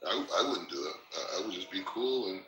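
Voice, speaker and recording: Man, heated chat-room argument, insistent and repetitive, low bright edge, echoey sound. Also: expressive, fast talker. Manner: insistent, repeats himself and stumbles on restarts. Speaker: participant in an audio chat room. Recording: roomy echo.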